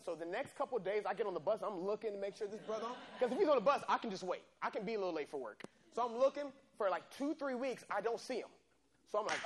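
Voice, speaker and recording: A man preaching a sermon, telling a personal story with animated, acted-out scenes. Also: sits high, very fast.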